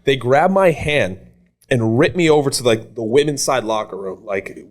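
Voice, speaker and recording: Twenties guy on a podcast, swears a lot, jumps into other people's voices telling his story, regular middle pitch. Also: moderate pace. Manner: animated, swears freely, acts out quoted voices. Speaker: podcast guest. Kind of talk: casual storytelling.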